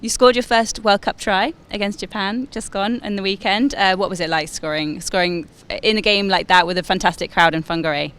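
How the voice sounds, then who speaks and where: Smooth-voiced woman interviewer. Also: mid-range voice, fairly even intonation, fairly quick, hardly any pauses, a bit bright. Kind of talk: interview questions.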